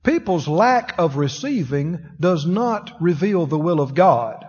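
A man's voice: fairly high pitch, animated, unhurried, a little mellow, slightly rough. A man preaching a conversational sermon, asking the congregation questions as he teaches. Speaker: pastor. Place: church sanctuary. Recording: dull lo-fi recording in a long-reverb hall.

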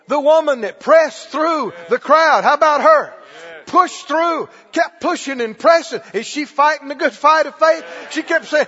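High, lively emphatic preacher man. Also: husky, in a large hall, muffled recording. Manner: emphatic, shouting and repeating phrases. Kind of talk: sermon.

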